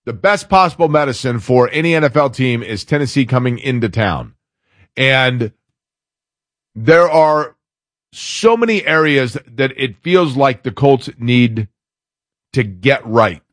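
A man's voice: medium pitch, lively intonation, a little slow, no room sound, clean studio sound. A man hosting a sports talk show, chatting casually and opinionated, rambling as he reads out a listener's email. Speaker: sports radio host.

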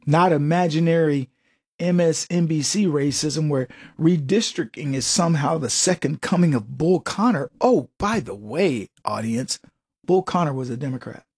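A man's voice: on the high side, moderate pace, a little mellow, husky. A man hosting a radio talk show, giving an emphatic, sarcastic political monologue and laughing at his own jokes.

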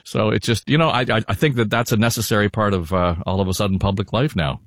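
Older guy hosting a podcast, low voice, rambly, dry close sound. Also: quick pace, dry recording. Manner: rambling, with many fillers and restarts. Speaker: podcast host. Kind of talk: casual panel chat.

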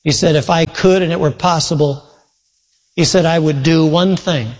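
Delivering his sermon as an earnest story, this preacher works quoted dialogue into his telling. His somewhat high, darkish voice holds a fairly even intonation at normal speed, ringing through a large hall's long reverb.

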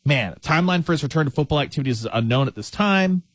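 A man's voice: a little high, animated, rapid-fire, fairly bright tone, no room sound. Joking sports radio host, man. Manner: jokey, reads breaking news aloud. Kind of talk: casual sports talk.

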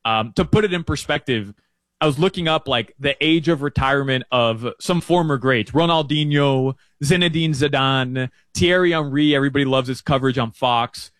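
A man talking through soccer picks in a rambling, animated way, full of fillers and restarts, as a guest on a sports chat show. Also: mid-range voice, moderate pace, dry recording. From Uruguay fan living in Miami.

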